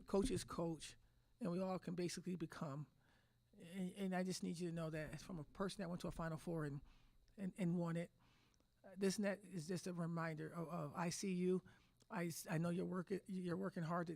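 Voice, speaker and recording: A woman's voice: fairly low pitch, vocal fry, a little mellow, no room sound. A middle-aged woman head coach answering press conference questions with emphatic, restarting speech. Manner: emotional, repetitive restarts, emphatic.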